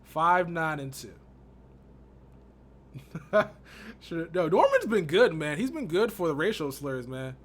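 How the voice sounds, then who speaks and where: A man's voice: a little high, wildly swooping pitch, slow pace, pauses often. A young man from Texas giving casual, slangy commentary on a sports video game, exasperated and laughing often. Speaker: gaming YouTuber.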